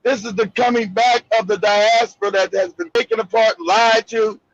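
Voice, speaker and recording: An American man hosting a live discussion, telling a story with passion. He is emphatic and profane, often shouts, and laughs through his stories over a video call. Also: sits high, steady tone, moderate pace, gravelly, no echo, muffled recording. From United States. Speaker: show host.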